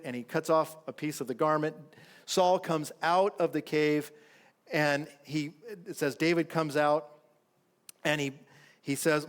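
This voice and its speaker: A male pastor preaching with animated storytelling. His voice sits fairly high for a man and climbs as he acts out the figures in his story. When he urges his listeners, he drops into a soft, low tone. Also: moderate pace. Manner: animated storytelling preacher, voicing characters with rising pitch. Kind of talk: sermon.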